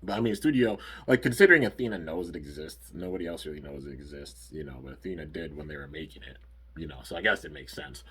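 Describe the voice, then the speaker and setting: Low husky man recapping casually. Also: lively intonation, fast talker, a bit bright. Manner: rambling, filler-heavy, frequent "like" and "you know". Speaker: anime episode reviewer.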